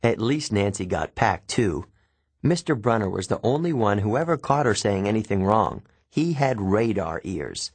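A man's voice: on the low side, very animated, normal speed, slightly rough, no echo. A man narrating a novel in the first person in a casual, conversational teenage voice, recorded close in a studio. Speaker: audiobook narrator.

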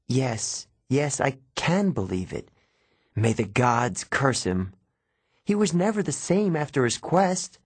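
Man playing a sharp-tongued girl, higher pitch, husky, dry audiobook recording. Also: sing-song, slow pace, no room sound, full character voice. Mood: bitter. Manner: scolding, emotional.

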